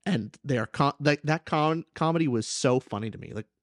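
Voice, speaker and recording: In a studio recording without echo, a young man with a slightly high voice speaks fairly quickly on his podcast. Discussing a book casually and with lots of energy, he performs the characters' voices as he quotes them.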